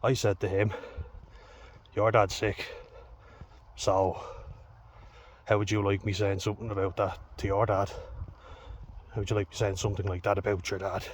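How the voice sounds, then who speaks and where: Male vlogger, lower voice, blunt and sweary, faint background noise. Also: flat delivery, moderate pace, pauses often. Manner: blunt, heavy swearing, raw and frank. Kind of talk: candid storytelling to camera.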